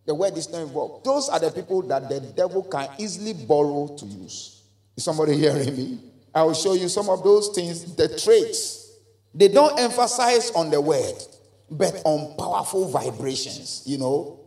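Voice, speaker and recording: High-voiced pastor in an echoey hall. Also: male voice, lively intonation, moderate pace, warm tone. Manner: emphatic call-and-response preaching with repeated phrases. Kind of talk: sermon. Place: church hall.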